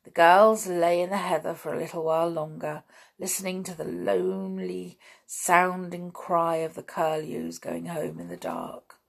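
A woman reads a children's storybook aloud at an unhurried pace, gently expressive. Her voice sits low, with a husky, gravelly fry running through it. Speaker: audiobook reader. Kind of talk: storybook narration.

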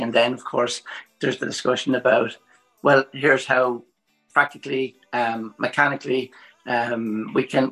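A man, a director of photography, explaining his work at length in a thoughtful, measured way. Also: mid-range voice, creaky, a bit bright, poor audio. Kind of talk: podcast interview.

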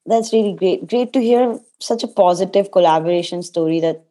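A woman's voice: fairly low pitch, a little fast, warm tone. A woman interviewing a guest in casual chat, asking rambling questions full of fillers and encouraging replies.

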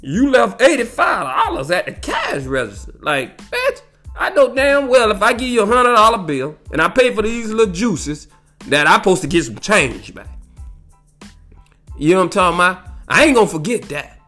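A man's voice: high voice, expressive, moderate pace, pushed and bright, faint music behind. A man telling a rambling, profane story in casual chat, saying "you know what I'm saying" again and again. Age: adult, grew up in the nineties.

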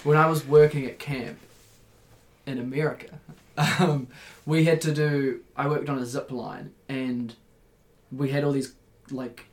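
A man's voice: mid-range voice, steady tone. A young man with a New Zealand accent, co-hosting a casual podcast chat and telling stories with frequent laughter. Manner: laughs often, quick storytelling. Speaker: podcast co-host.

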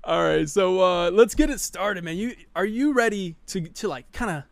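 A man's voice: sits high, normal speed, creaky, dry recording. A man hosting a live podcast in casual chat, hyped and laughing often, restarting his sentences. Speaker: podcast host.

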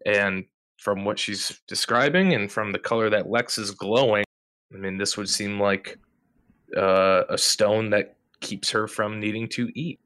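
Male game master for a tabletop game, low voice, crisp bright tone, loose, rambling narration. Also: a little slow, no echo. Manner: relaxed, rambling, many fillers.

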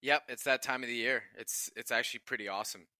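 Bright, clear-voiced man telling stories. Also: mid-range voice, fairly even intonation, fast, no echo. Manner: laughs often while telling stories, swears casually. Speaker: podcast co-host. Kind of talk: casual podcast storytelling.

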